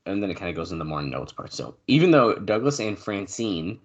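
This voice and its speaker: Deep-voiced man reading wrestling notes. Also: brisk, lo-fi sound. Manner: relaxed, reads off notes with fillers and throat clearing. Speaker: podcast co-host. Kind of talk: casual podcast chat reading news notes.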